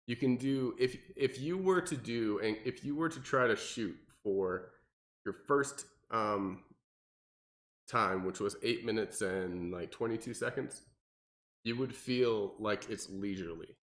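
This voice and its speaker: A young man, a personal trainer, explaining workouts in casual podcast chat and acting out clients in mocking voices. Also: unhurried. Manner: animated, acts out clients with high mocking voices.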